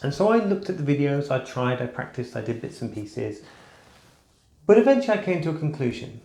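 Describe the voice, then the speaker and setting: A man in a casual vlog, talking in a measured, explanatory way while keeping to the upper part of his range. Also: mid-range voice, big pitch swings. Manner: measured, explanatory, softly raised register. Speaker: vlogger. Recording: echoey room.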